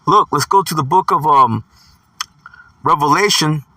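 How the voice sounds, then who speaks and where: A man's voice: a little high, a little slow, bright, forceful tone, dry recording, distant mic. A man preaching a scripture sermon, reading verses aloud and stressing points with "see" and "man". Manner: emphatic, punctuates with "see" and "man".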